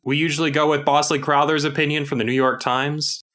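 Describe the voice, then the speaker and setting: A man's voice: a little high, flat delivery, brisk, a bit bright. Dry-humored male podcast co-host. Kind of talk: casual film discussion.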